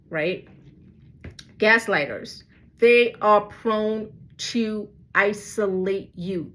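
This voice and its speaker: A woman vlogger giving casual, emphatic advice to camera, asking rhetorical questions and tagging points with "right?" and "you know". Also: medium pitch. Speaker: YouTube vlogger.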